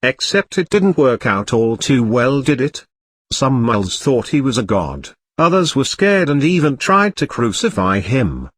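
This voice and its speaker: A man's voice: mid-range voice, big pitch swings, unhurried, fairly bright tone, slightly rough, exaggerated voice. A man voicing a sarcastic, easily amazed boy wizard who chatters like a know-it-all. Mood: chatty.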